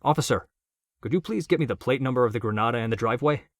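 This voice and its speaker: A man's voice: medium pitch, animated, quick pace, dry recording, pitched above the performer's own voice, close to an everyday voice. Guy doing a cop detective w/ spanish accent, polite but digging, dry sound. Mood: probing. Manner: polite, questioning. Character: male police detective, friendly but probing.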